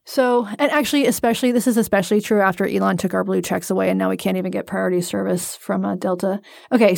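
A woman's voice: medium pitch, vocal fry, a little mellow, no room sound. A woman co-hosting a podcast, telling a story in a dry, joking, casual way. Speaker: podcast co-host.

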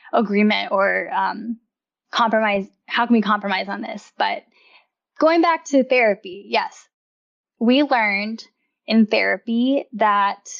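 A woman's voice: medium pitch, creaky, lo-fi sound. A woman in casual conversation as a guest, talking freely with a lot of "like" and laughing often. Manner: chatty, uses "like" constantly, laughs often. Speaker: podcast guest. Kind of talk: casual chat.

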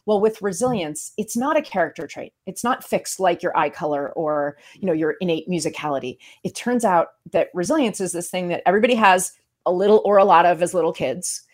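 Measured, low-voiced woman explaining. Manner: measured, sums up and explains ideas. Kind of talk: explanatory interview talk.

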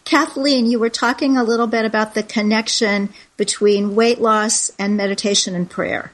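A woman in her seventies interviewing a guest in an effusive manner, quick to laugh. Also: on the high side, steady tone. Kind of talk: casual interview chat.

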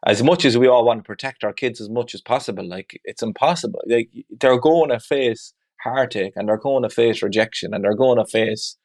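A man's voice: medium pitch, fairly quick, few pauses, darkish tone. A man speaking as a father in an interview, reflective and open, talking candidly with frequent "you know" asides. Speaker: guest; father of two.

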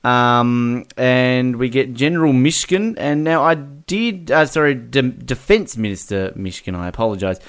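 A man co-hosting a podcast, talking about a film in a loose, casual way. He gets animated as he retells scenes and laughs often along the way. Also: mid-range voice, a little slow, few pauses, smooth. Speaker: podcast co-host. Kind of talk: casual movie review chat.

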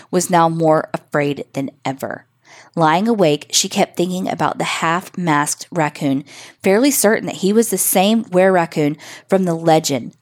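A woman narrating a scripted spooky story for children in a measured, suspenseful way. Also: low voice.

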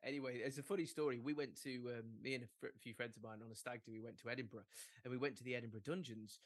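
A man's voice: medium pitch, fairly even intonation, racing, no echo. Man, podcast co-host, playful, laughs a lot, dry close mic. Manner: playful, laughs often, reads listener questions aloud. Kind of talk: casual football podcast chat.

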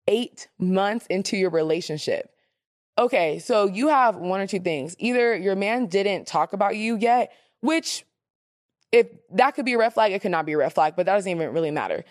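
Chatty, sassy female podcast host who acts out the quotes, mid pitch, dry close mic. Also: lively intonation, moderate pace, dry recording. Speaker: podcast host answering listener questions. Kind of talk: casual advice chat.

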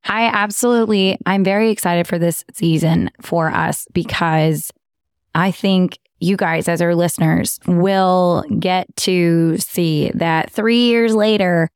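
A raspy-voiced woman from Texas with a Southern twang, co-hosting a casual faith podcast and speaking emphatically straight to listeners. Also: fairly low pitch, takes it slowly, no echo, clean studio sound. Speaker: podcast co-host.

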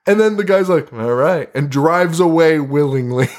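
A man's voice: on the high side, moderate pace. A man co-hosting a podcast in casual chat, laughing often and swearing as he retells scenes. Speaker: podcast co-host.

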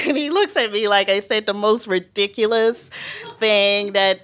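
A woman's voice: medium pitch, normal speed. Laughing woman telling a live story. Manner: lively, laughing, animated retelling. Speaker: biologist telling a personal story. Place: stage before a live audience.

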